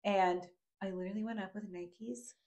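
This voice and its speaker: A woman hosts a podcast and talks in a laid-back, slangy way. She laughs along easily and tells her own story in casual chat. Her voice sits at a middle pitch. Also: steady tone, moderate pace, darkish tone. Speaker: podcast host.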